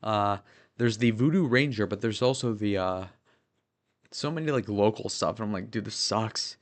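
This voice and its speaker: Rambling and profane, with plenty of filler words, a young livestreamer in his twenties talks casually at a normal speed in a fairly low voice.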